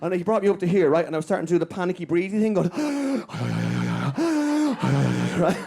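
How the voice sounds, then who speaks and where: Irish man, stand-up comedian, high voice, gravelly, storytelling, keeps asking "right?". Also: steady tone, mellow. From Ireland. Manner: rapid anecdote, tags lines with "right?". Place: small comedy venue with live audience.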